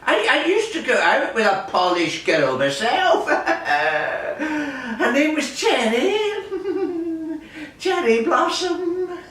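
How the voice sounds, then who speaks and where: A man's voice: very high voice, very animated, drawn-out words, a bit bright. A Scottish man hosting a music hall show with grumbling, miserly comic patter, chuckling often. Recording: echoey hall from far off.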